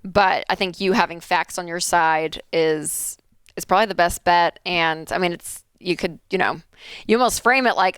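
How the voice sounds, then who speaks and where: A young woman co-hosting a call-in advice show, speaking calmly and reasonably with fillers. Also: on the low side, normal speed, clean tone, dry recording. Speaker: radio show co-host.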